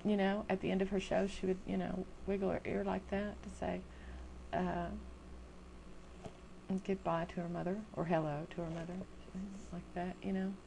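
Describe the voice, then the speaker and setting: Gravelly older woman ranting to camera. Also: lowish voice, level tone, normal speed, warm tone, slight background noise. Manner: chatty, exasperated, self-mocking. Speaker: video blogger. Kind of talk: casual rant to camera.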